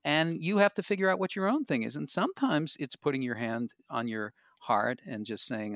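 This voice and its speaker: A man in casual conversation, reflectively suggesting calming practices and mantras. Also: on the high side, moderate pace, dry recording, clean studio sound.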